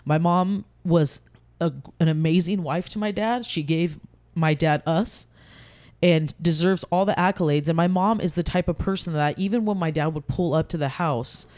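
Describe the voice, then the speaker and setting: A woman's voice: lowish voice, moderate pace, a little mellow. A woman speaking as a podcast guest, talking candidly and heartfelt about grief, rambling with frequent restarts.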